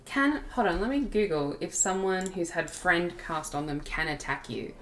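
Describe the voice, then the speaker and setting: A woman running a solo tabletop game as game master, relaxed and casual, reading rules aloud. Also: lowish voice, a little hiss or hum. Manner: relaxed, reads rules aloud, quick asides.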